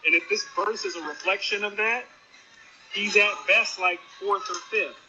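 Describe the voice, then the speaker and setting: A podcast co-host joins over a dull, echoing remote line with faint noise for a casual hip-hop discussion. His high voice is bright and forceful at a moderate pace, and he's emphatic, animated, and repetitive.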